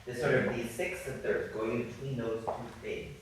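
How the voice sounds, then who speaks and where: A man teaching a viola masterclass, coaching players in an animated, apologetic way and sometimes singing phrases. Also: mid-range voice, normal speed. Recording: echoey hall, distant mic, faint noise.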